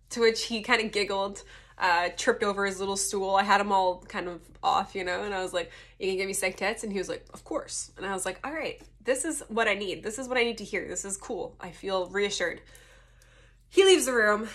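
A young woman vlogging, telling a personal story casually, laughing often and acting out the people she quotes. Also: medium pitch. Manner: animated, laughing, swearing, acts out quotes.

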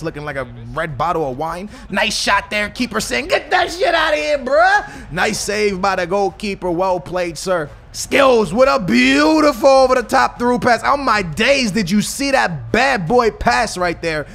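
Excitable high-voiced young man commentating gameplay. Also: normal speed, gravelly, few pauses, soft background music. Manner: excitable, slangy, swings between hype and grumbling. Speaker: gaming YouTuber.

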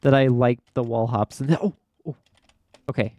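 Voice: mid-range voice, normal speed, a little mellow, no echo. Exasperated young gamer, dry sound. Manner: exasperated, dramatic, often laughing at own struggle. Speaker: gamer playing an obstacle course game. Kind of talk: casual let's play commentary.

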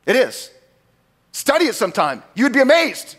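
Male pastor, very high-pitched, animated sermon delivery with conversational asides. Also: normal speed, breathy edge. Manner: animated, acts out God's lines with big swings in pitch and volume.

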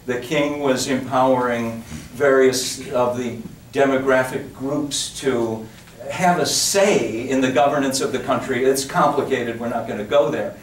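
A man's voice: mid-range voice, unhurried. A man giving a public lecture, talking with digressions and emphatic asides to his audience in a lecture room. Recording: roomy, distant lecture-hall recording with faint noise.

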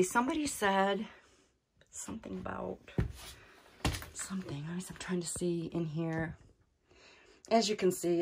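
A woman's voice: lowish voice, slight background noise. A woman vlogging as she explores an abandoned cabin attic, nervous and exclaiming, talking to her viewers and to the animals she finds. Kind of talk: hushed exploring vlog.

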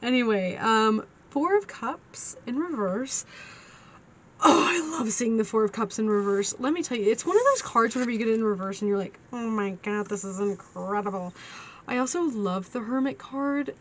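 A woman's voice: fairly high pitch, lively intonation, moderate pace, slight background noise. Giggly, chatty woman reading tarot. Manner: chatty, giggly, calls listeners honey. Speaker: tarot reader. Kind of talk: casual tarot card reading.

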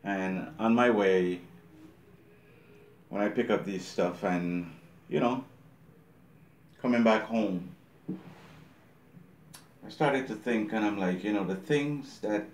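A man with a fairly low voice comments casually and loosely. His voice rings in a roomy, echoey space with faint background noise. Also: slow, pauses often. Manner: casual, conversational, loose grammar.

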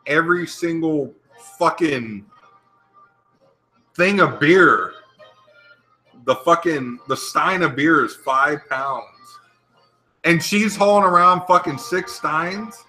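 Sharp-voiced man, cursing and joking. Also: a little high, takes it slowly, long pauses, faint music behind, rough recording. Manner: loud, profane, joking. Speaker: co-host. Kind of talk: casual drinking show chat.

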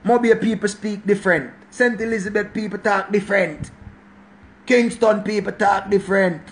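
Speaking at a moderate pace with fairly even intonation, a Jamaican man in his forties who hosts a channel launches into a casual monologue rant. His voice is on the high side for a man, and he preaches emphatically, repeating each point for force.

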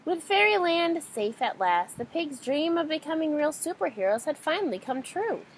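A woman reading a children's story aloud in an animated, expressive way. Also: sits high, moderate pace, slight background noise, low-quality recording. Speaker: storybook reader.

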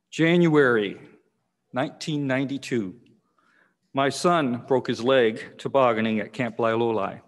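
A man, preaching a sermon in a measured way, repeating key phrases with pauses, in a church hall. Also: medium pitch. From Canada. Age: 60s. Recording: long echoing church reverb.

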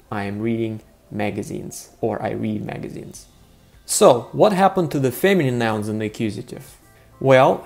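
A man's voice: mid-range voice, darkish tone. A man teaching a grammar lesson to viewers, chatty and full of "right?" and "uh" fillers. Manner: friendly, frequent "right?" and "uh" fillers. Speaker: Russian language teacher.

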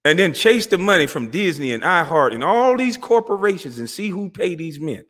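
A man's voice: high voice, very animated, normal speed, fairly bright tone. A man hosting his own channel, delivering a heated, confrontational monologue in street slang. He mocks listeners and repeats himself as he calls them out. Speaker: channel host.

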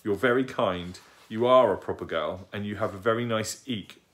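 A man's voice: on the low side, normal speed, fairly bright tone, close to an everyday voice. A man reading aloud and voicing a timid, curious baby barn owl who asks wondering questions.

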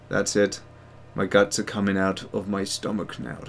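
With a lowish voice, fairly even intonation, and a moderate pace, this man rarely pauses. He hosts a digital sculpting livestream, chatting in a rambling way, reading the chat aloud, and poking fun at himself.

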